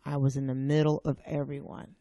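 A woman's voice: rumbling low, brisk, lo-fi sound. A young woman chatting as a guest, telling stories and acting out what people said. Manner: animated storyteller, acts out quotes. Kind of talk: casual chat.

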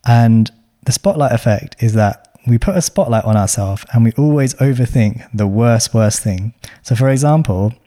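Mellow-voiced man giving casual advice. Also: medium pitch, expressive, normal speed. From London. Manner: chatty, with lots of slang and fillers. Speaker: podcast host.

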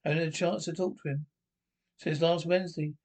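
A woman's voice: low voice, fairly even intonation, brisk, a little mellow. An actress playing a neglected middle-aged wife who complains indignantly about her absent husband, in a 1960s British film comedy. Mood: aggrieved. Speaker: neglected wife of a taxi firm owner.

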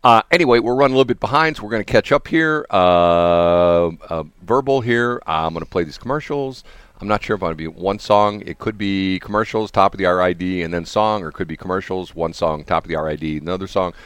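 A man's voice: sits low, fairly quick, clean tone, no echo. A man hosting a radio morning show, chatting casually and rambling, with frequent laughs. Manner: animated, rambling, laughs often. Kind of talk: casual on-air chat.

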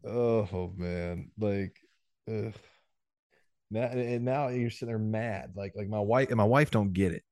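Deep-voiced, laid-back man. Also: measured pace, darkish tone, no room sound, studio quality. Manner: laid-back, laughs often, trails off. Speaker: podcast co-host, former football player. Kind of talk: casual sports talk.

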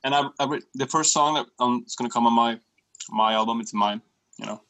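A man's voice: medium pitch, a little fast, fairly bright tone, poor audio. A man chatting casually as a podcast guest, telling stories in an easygoing way. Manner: storytelling, easygoing. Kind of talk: casual chat.

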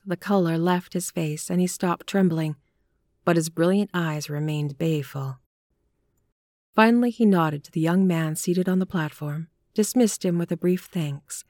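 A woman narrating a horror story in a measured, even storytelling manner. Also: on the low side, no echo, clean studio sound.

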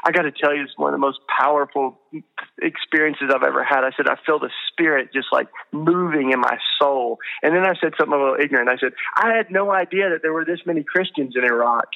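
A man's voice: fairly high pitch, fast talker, vocal fry, narrow, tinny audio. A man being interviewed on a podcast, telling stories in an earnest, emotional way with many fillers and restarts. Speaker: guest. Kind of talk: storytelling interview talk.

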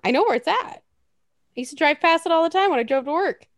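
A woman's voice: very high-pitched, lively intonation, quick pace, no echo. Woman cohost rambling n joking, swears a lot, dry close mic. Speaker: podcast co-host. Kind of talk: casual chat.

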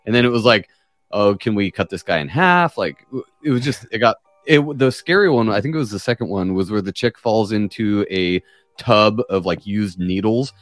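A man's voice: on the low side, normal speed, no room sound, faint music behind. A man hosting a casual group chat, rambling and laid-back, swearing freely.

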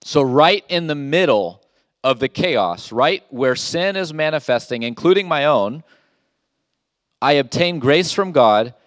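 A man's voice: a little high, expressive, measured pace, dry recording, clean studio sound. Emphatic male pastor preaching. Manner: emphatic, rhetorical questions, reads scripture aloud. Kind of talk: sermon.

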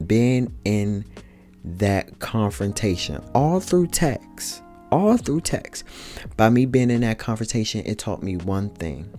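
A man's voice: fairly low pitch, darkish tone. A man talking earnestly in a reflective personal monologue, speaking colloquially to his listeners and repeating key points for emphasis.

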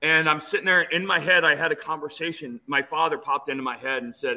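Man, 50s, interview guest; bright, strained timbre, slightly raised pitch, eager storyteller who trips over his own starts. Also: fast talker, hardly any pauses, low-quality recording. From Phoenix, USA. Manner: animated storyteller with many restarts. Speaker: interview guest, former player.

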